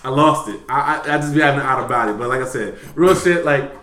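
A man hosting a podcast, telling a story in casual, profane talk that swings between loud bursts and low mutters. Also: fast, echoey room. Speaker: podcast host.

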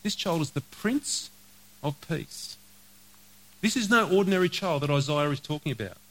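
A man preaching a sermon, earnest, slowing to read scripture and repeating key phrases. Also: a little high, lively intonation, a bit bright, rough recording. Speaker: pastor.

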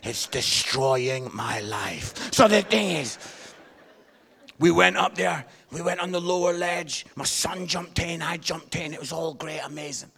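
A man, preaching a sermon with animated storytelling and self-deprecating humor. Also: high voice, normal speed, gravelly, slightly rough. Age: 50s.

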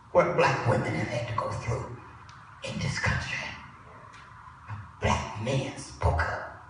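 A woman preacher delivering a sermon with impassioned delivery, dropping to a hush and rising to shouts, in a large church. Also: on the low side, very animated, unhurried, slight background noise. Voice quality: impassioned, swings from hushed to shouted. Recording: echoey church hall from far off.

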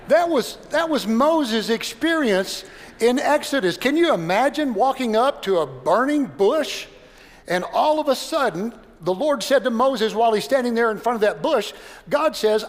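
A man's voice: high-pitched, expressive, normal speed, in a large hall. A man preaching a sermon as pastor, folksy and joking between scripture readings. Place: church sanctuary.

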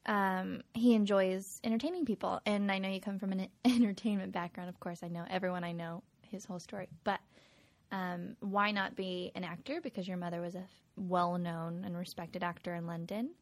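A woman's voice: fairly low pitch, fairly even intonation, fairly quick, dry recording. A woman co-hosting a podcast, chatting casually with a teasing, playful manner. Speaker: podcast co-host. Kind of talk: casual chat.

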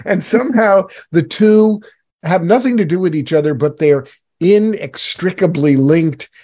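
A man's voice: high voice, measured pace, warm tone. Chatty, rambling male interview host. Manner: rambling, self-interrupting, many fillers and restarts. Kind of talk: casual interview chat.

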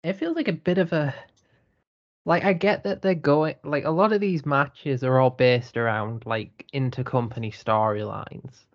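A man's voice: medium pitch, moderate pace. Blunt, wry man on a muffled mic. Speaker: podcast co-host and reviewer. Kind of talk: casual podcast chat.

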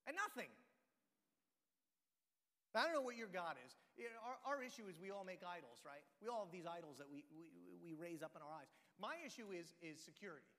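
A man preaching a sermon as pastor, telling stories in an animated way with self-deprecating asides. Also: high voice, a little fast. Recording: long hall reverb.

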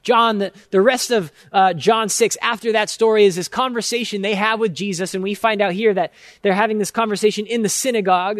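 A high-pitched male pastor delivers a sermon, earnest and emphatic. He stretches out key words and builds his points through repetition. The sound is dry and close, with no room echo.

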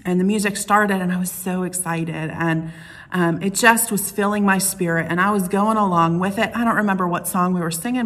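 A middle-aged woman pastor delivering a conversational sermon, telling stories with playful asides. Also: medium pitch. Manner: chatty storytelling with playful asides.

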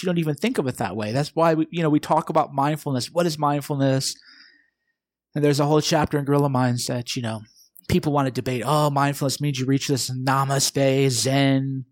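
A man hosting his own podcast, speaking in a fairly high voice with emphatic, lecturing force. He talks straight to the listener, firing off rhetorical questions. The sound is dry and close, with no room echo. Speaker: podcast host. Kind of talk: motivational monologue.

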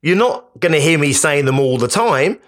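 A man's voice: fairly high pitch, expressive, normal speed, fairly bright tone. A man hosting a podcast, speaking in an emphatic, conversational motivational monologue that often repeats itself. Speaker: podcast host.

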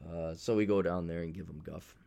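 A man's voice: low-pitched, fairly even intonation, fairly quick, gravelly, mellow. A man hosting a casual solo podcast, talking in a blunt, profane, sarcastic way, rambling with fillers. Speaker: podcast host.

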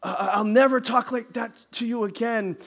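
A man's voice: extremely high pitch, fairly even intonation, moderate pace. A man voicing a rude pet parrot that hurls insults, told within a sermon story. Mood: sheepish. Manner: taunting, then sheepishly apologetic.

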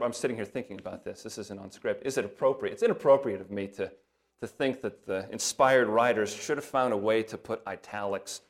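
A man preaching from the pulpit, working steadily through a passage of scripture. He reads the verses with lifted emphasis and drops to a softer, lower voice for brief asides. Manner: breaks into soft asides in a lower voice. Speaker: pastor. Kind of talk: sermon.

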